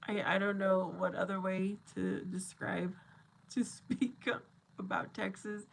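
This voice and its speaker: A woman's voice: mid-range voice, flat delivery, a little slow, vocal fry. A woman in her forties hosting a casual live chat, reading viewer comments, laughing often and thinking aloud as she talks. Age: 40s.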